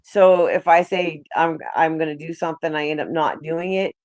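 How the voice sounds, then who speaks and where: A woman's voice: low-pitched, fairly even intonation, normal speed, no room sound. A woman chatting casually on a live audio panel, laid-back, joking and swearing freely.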